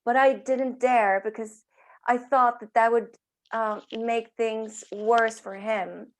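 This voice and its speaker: A woman's voice: a little high, steady tone, slow. A woman from Sweden, an author, speaking candidly and searching for words on a video call panel.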